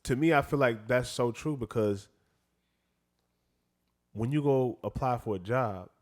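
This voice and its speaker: A man co-hosting a casual podcast chat, talking animatedly and breaking into laughs. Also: measured pace. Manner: animated, laughing, pitch jumps when imitating others. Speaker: podcast co-host.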